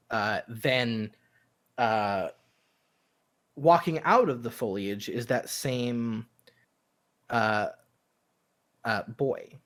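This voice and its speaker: Halting, slow-talking man narrating a game. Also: fairly low pitch, a bit bright. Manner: halting, with many fillers. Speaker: game master.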